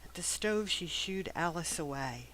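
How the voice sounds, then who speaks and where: A woman reading a novel aloud as scripted first-person narration, gentle and even, sometimes dropping to a hush. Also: fairly low pitch, a little slow, rough recording. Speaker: audiobook narrator.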